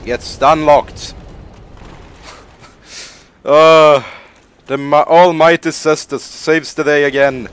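A man's voice: a little high, fairly even intonation, takes it slowly, pauses often, a bit bright, smooth. A young man streaming a game, rambling through live commentary with lots of laughter and swearing. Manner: rambling, self-mocking, laughs and swears a lot. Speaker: gaming streamer.

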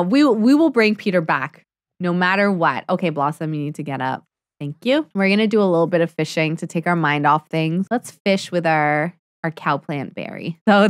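A young woman chatting casually as she plays a life simulation game, thinking out loud and putting words in her characters' mouths. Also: medium pitch, no echo, clean studio sound. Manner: chatty, excitable, voices her sims in asides. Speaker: let's play streamer. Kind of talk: casual gameplay commentary.

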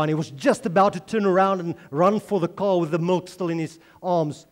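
A man's voice: high-pitched, fairly quick, few pauses. A man preaching a sermon, telling a story and then earnestly pleading with his listeners. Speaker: pastor.

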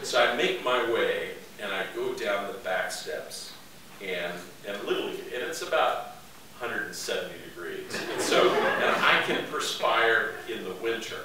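A man telling a funny story to a live audience, animated and laughing through his lines. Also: fairly low pitch, a little slow, background noise. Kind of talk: humorous anecdote. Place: large hall with a live audience. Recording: echoey room from far off with audience.

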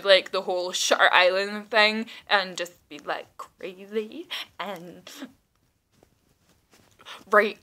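A woman in her thirties who talks in a rambling, excitable, self-mocking way, recording a casual video message while sitting at home. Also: mid-range voice. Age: 30s. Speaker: vlogger. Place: indoors at home, seated.

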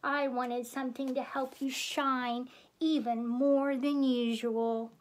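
A woman's voice: high voice, little pitch movement, slow. A woman doing a flustered, earnest frog showman. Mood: pleading. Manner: pleading, earnest.

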